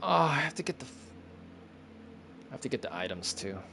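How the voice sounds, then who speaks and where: A man's voice: medium pitch, very animated, fairly quick, gravelly, noisy background. A young man casually talking to himself while playing a game, often confused and swearing under his breath. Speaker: gameplay streamer. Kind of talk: casual gameplay commentary.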